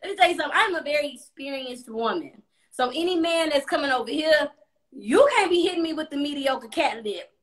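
A woman's voice: sits high, lively intonation, a little fast. A young woman livestreaming from her apartment, telling a personal story in a blunt, profane, chatty way. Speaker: live streamer. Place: apartment room at home.

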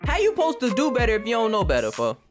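A man's voice: very high-pitched, huge pitch swings, very fast, over music. A young man in casual commentary, reacting to a game in an emotional, profane way. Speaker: gaming YouTuber.

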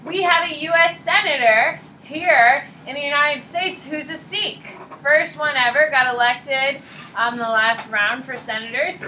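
Tired teacher lady lecturing her class, casual and jokey, high bright voice, echoey classroom. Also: a little slow, slight background noise. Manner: chatty, informal, self-deprecating. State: short on sleep. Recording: roomy classroom echo.

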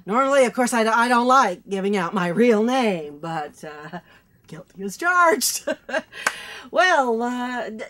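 A woman's voice: on the high side, very animated, slow pace, a bit bright, full character voice. An actress playing a dreamy, giggly hippie woman who hosts a public-access TV show, in a comic audio drama.

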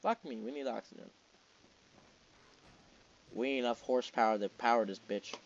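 A man's voice: mid-range voice, moderate pace, dull audio. Exasperated young man narrating his game. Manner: exasperated, swearing, talking to himself. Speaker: gamer. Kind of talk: casual gameplay commentary.

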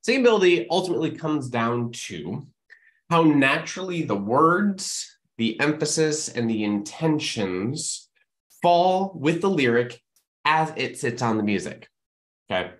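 A man's voice: on the high side, big pitch swings, a little slow. A man who writes musical theatre, giving an emphatic lesson to camera and often checking in with the viewer. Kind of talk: educational talk to camera. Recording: echoey room.

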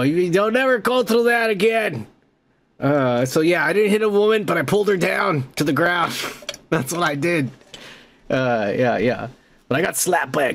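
A podcast host with a fairly high voice for a man. He swears freely and rambles through a story in a casual comedic way, laughing as he goes. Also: vocal fry, a bit bright.

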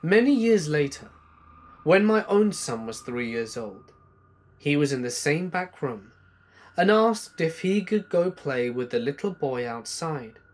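A man reading true scary stories aloud as a narrator, slow and hushed, letting his voice sink low at the ends of lines. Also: big pitch swings. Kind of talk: scripted horror narration.

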